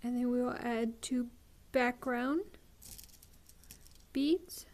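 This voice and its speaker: A woman hosting a beading tutorial, explaining each step patiently with frequent ums and pauses. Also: on the high side, fairly even intonation, darkish tone.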